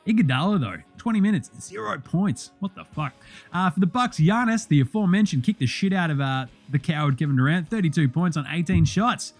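A young Australian man hosting a sports podcast, rattling through results in a profane, excitable, joking way. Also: fairly high pitch, a little fast, hardly any pauses, faint music behind. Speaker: podcast host.

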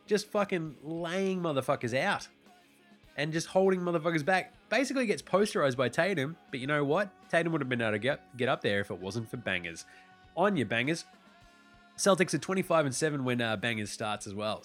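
An Australian man hosts a sports podcast in a loose, slangy monologue, cursing often. His voice sits at an ordinary pitch but swings up and down with lively energy. Faint guitar music plays behind him. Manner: animated, swears freely, slangy. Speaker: podcast host.

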